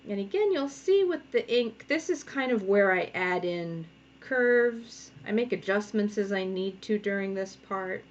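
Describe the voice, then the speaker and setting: A woman in her thirties with a Rhode Island accent, a comic artist leading a relaxed draw-along from home and talking through each step. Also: mid-range voice, a little slow. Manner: chatty, encouraging, thinking aloud while drawing. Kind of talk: live draw-along tutorial. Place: home studio. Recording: dull lo-fi sound with faint noise.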